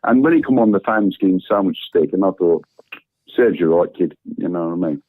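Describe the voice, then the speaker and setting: A man's voice: low voice, lively intonation, quick pace. A man calling into a live phone-in, chatting bluntly and swearing about football, laughing often. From English Midlands. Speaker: phone-in caller. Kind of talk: casual football chat. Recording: tinny phone line.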